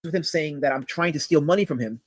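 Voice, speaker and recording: A man telling a rambling story as a guest on a call-in show, with a husky voice and lots of "you know" asides. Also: a little high, fast talker, no room sound, poor audio.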